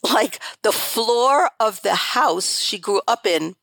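A woman's voice: a little high, expressive, slow, gravelly, fairly bright tone, no echo, poor audio. Older lady guest, earnest and emphatic, keeps repeating for stress, dry close sound. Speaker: interview guest. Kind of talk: conversational storytelling.

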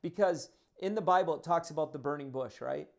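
A man's voice: on the high side, fairly quick. A male pastor delivering a sermon, talking in a conversational, earnest way and often restarting his phrases.

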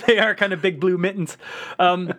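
A man's voice: high voice, fairly even intonation, fairly bright tone. A man co-hosting a podcast, chatting casually about a cartoon episode, laughing often and mimicking the characters' lines. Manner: laughs often, acts out character lines in quick put-on voices. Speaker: podcast co-host.

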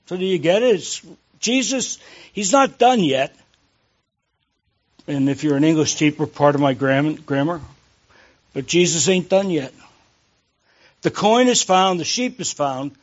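A man's voice: on the high side, lively intonation, measured pace, long pauses, highs cut off. A man preaching a sermon in a conversational, joking way, often asking his listeners questions. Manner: jokey, conversational, asks the congregation questions. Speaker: pastor.

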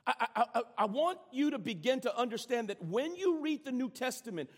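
A man's voice: extremely high pitch, expressive, brisk. A man preaching a sermon as pastor of a church, often repeating words as he starts a phrase. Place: large church sanctuary. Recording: long hall reverb.

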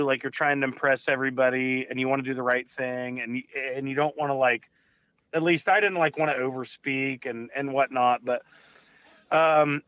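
A man's voice: mid-range voice, no echo. A man, a fishing guide calling in to a show, telling a long story in a loose, casual way with restarts and the odd swear word. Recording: dull lo-fi call audio.

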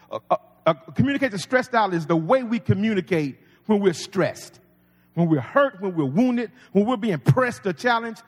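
High-voiced preacher in a hall. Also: male voice. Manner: folksy, conversational preaching with humor. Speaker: pastor. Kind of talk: sermon. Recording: long reverb of a large hall.

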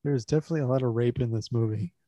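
A man's voice: medium pitch, racing, dark tone, dry recording. A man co-hosting a podcast, recapping a movie plot with wry jokes and frequent chuckles. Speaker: podcast co-host. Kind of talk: casual movie breakdown chat.

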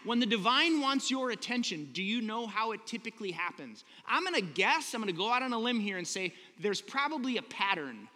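A man's voice: high-pitched, big pitch swings, a little fast, few pauses, sharp tone, big-room sound. A man preaching a sermon in a conversational, earnest way, often asking the listeners rhetorical questions. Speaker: pastor.

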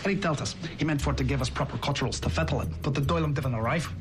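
An actor playing an angry male cab driver with a thick Geordie accent who talks in dense, rapid slang that is hard to follow. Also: medium pitch, over music, natural voice. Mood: indignant. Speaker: suspect questioned by police. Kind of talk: TV comedy acting.

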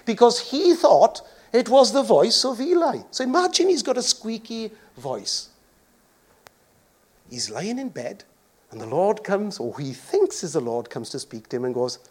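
Lively, jokey male pastor. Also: high-pitched. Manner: jokey, animated, acts out voices. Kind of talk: sermon.

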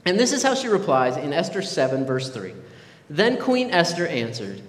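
A man's voice: a little high, very animated, brisk. Chatty jokey man in an echoey hall. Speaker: preacher. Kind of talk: casual sermon storytelling. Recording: echoey hall with long reverb.

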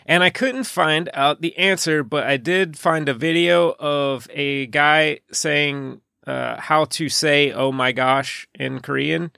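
A man's voice: a little high, takes it slowly, gravelly, hardly any pauses, pushed and bright, no echo, studio quality. A man co-hosting a podcast, chatting casually about a film in a meandering way and trailing off mid-thought. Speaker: podcast co-host. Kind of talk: casual film-discussion chat.

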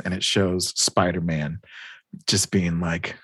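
Low-voiced man animatedly retelling a comic. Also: measured pace, no room sound. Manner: animated retelling, acts out characters' lines, laughs often. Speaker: podcast host recapping comics. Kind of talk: casual chat.

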